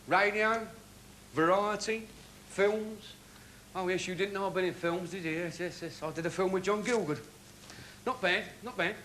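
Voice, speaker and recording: A man's voice: high-pitched, fairly bright tone, a little hiss or hum. A man impersonating a brash, cheeky old music-hall comedian, trading patter and singing snatches of songs. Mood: reflective.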